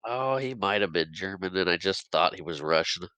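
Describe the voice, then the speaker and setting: A man's voice: sits low, lively intonation, normal speed, pushed and bright, no room sound. A man co-hosting a movie podcast who laughs often and playfully disagrees. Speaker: podcast co-host. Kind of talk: casual movie chat.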